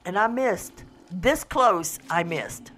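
A woman hosting a casual let's-play, chatting to the animals in her game in a coaxing, excitable way. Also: on the low side, slow pace, soft background music. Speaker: gaming channel host.

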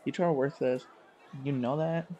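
A man voicing a moody, exasperated teenage girl in a game reading, drawling her lines slowly. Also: medium pitch, fairly even intonation, warm tone, dull audio, some chatter behind, close to an everyday voice. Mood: sulky. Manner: slow, sulky, exasperated.

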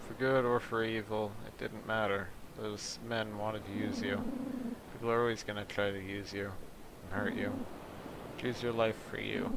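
A man reading aloud the lines of a remorseful father who is trying to protect his daughter, quietly and earnestly. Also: on the low side, little pitch movement, normal speed, vocal fry, background noise.

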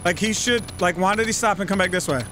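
A man giving live gameplay commentary, exasperated and swearing, yelling at the game as he plays. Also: high-pitched, fast, noisy background. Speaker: gaming channel host.

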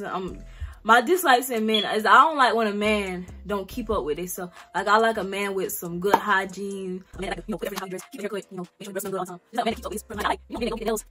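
Racing along in a mid-range voice over background music, a late-teen woman with a South Carolina accent answers questions for her casual Q&A vlog. She's blunt and slangy, swearing freely.

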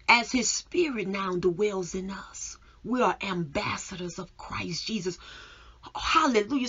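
A woman preaching a fervent devotional sermon, rising to exclamations and dropping to hushed whispers. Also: medium pitch, breathy edge. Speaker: minister. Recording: dull lo-fi recording.

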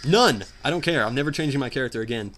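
A young man giving jokey, animated commentary while playing a hard video game, often shouting in frustration. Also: mid-range voice, racing, a little hiss or hum. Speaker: gameplay commentator. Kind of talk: let's play commentary.

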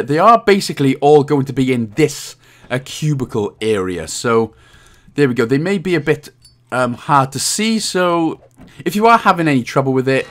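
A man with a Welsh accent giving casual game walkthrough commentary, jokey and self-deprecating and swearing freely. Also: mid-range voice. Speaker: gaming guide host.

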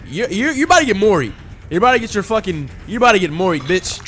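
Loud taunting young man gaming. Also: sits high, very animated, fast, faint music behind. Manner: loud, taunting trash talk with sudden yelps. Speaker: gaming streamer. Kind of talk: excited gameplay commentary.

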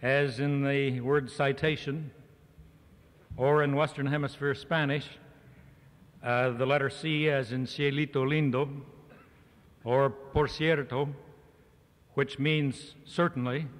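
A man's voice: medium pitch, fairly even intonation, a little slow, long pauses. A man giving a humorous speech to a live audience at a farm organization meeting, using a mock-serious lecturing tone. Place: large hall with an audience. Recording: reverberant hall on archival cassette.

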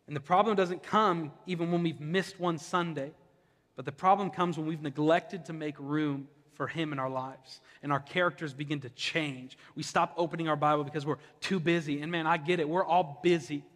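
A man's voice: on the high side, steady tone, moderate pace, a bit bright, long reverb tail. A young adult man from Ohio preaching a sermon, conversational and impassioned, with humorous personal stories. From Ohio, USA. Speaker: pastor. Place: church sanctuary.

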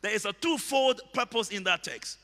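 A man preaching a sermon, emphatic and repetitive, bursting into shouted words. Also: sits high, expressive, normal speed, long reverb tail. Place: church hall.

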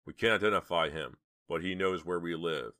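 A man's voice: low-pitched, normal speed, sharp tone. A man playing a curt, take-charge teenage boy. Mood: earnest.

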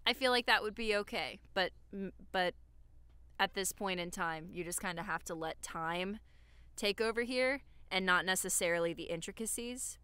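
A woman's voice: medium pitch, moderate pace, sharp tone, clean tone, dry recording. A woman from Alabama co-hosting a podcast, giving earnest, rambling advice with lots of "like" fillers. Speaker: podcast co-host. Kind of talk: casual advice chat.

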